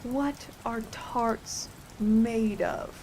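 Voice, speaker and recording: A woman voicing a grave, fussy old storybook king who speaks low and measured, in an ASMR storybook reading. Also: warm tone, slight background noise.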